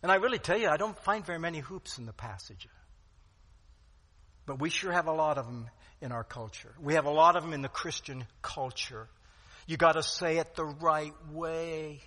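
A pastor preaching a sermon with emphatic delivery, swinging from loud to quiet. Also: male voice, a little high, slightly rough. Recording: long hall reverb.

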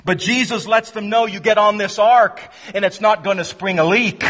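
Male preacher, high bright voice, emphatic and repetitive delivery, long church reverb. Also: normal speed. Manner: emphatic, swings between loud stresses and hushed low words, repeats himself. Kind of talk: sermon. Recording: long reverb of a large hall.

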